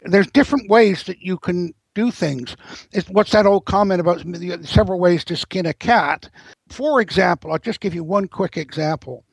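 A man's voice: high-pitched, moderate pace, gravelly, slightly rough, no room sound, rough recording. A man speaking as an interview guest, telling long explanatory stories with frequent restarts and fillers. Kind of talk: interview commentary.

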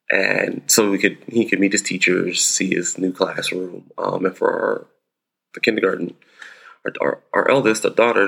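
A man's voice: low voice, gravelly, a bit bright. A man, a father in his thirties, telling a family anecdote casually with a wry, easygoing manner. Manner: wry, easygoing storytelling with frequent restarts.

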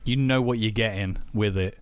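A man's voice: on the low side, moderate pace, clear, resonant tone, no echo. A man, co-hosting a casual podcast, telling stories with lots of swearing. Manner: sweary, animated storytelling. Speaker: podcast co-host. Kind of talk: casual chat.

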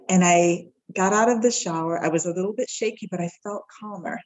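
A woman's voice: lowish voice, brisk, few pauses, darkish tone, rough recording. A woman guest on a podcast, telling a heartfelt personal story and acting out the voices of the people in it. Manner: heartfelt, acts out the quoted voices.

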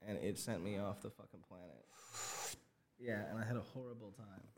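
A man's voice: fairly low pitch, brisk, vocal fry, darkish tone. A young man, a podcast guest, chatting casually and telling rambling stories with lots of laughter and acted-out quotes. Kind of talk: casual chat.

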